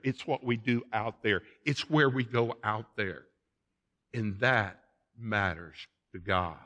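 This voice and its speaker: A man's voice: fairly low pitch, fairly bright tone. A man pastor delivering a sermon in a church, emphatic and repeating phrases for stress. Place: church sanctuary.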